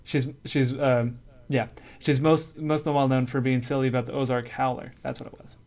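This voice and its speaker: A man's voice: medium pitch, flat delivery, moderate pace, darkish tone. A man co-hosting a casual podcast, reading out notes and joking with his co-host, laughing often. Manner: laughs often, reads source notes aloud between jokes. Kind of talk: casual chat.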